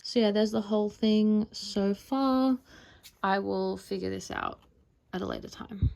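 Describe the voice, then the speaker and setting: A young woman talks straight to her camera in a loose, self-mocking vlog style. Her voice sits in a middle pitch with a gravelly, fry-heavy texture. She fills her speech with "like" and quick asides. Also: a little mellow. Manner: chatty, self-mocking, lots of "like". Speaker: vlogger. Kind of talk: casual vlog chat.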